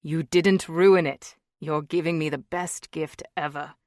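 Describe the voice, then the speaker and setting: A woman's voice: sits low, steady tone, measured pace, a little mellow, no room sound, clean studio sound. A woman voicing a tender, joking young husband. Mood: teasing. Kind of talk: audiobook character voice.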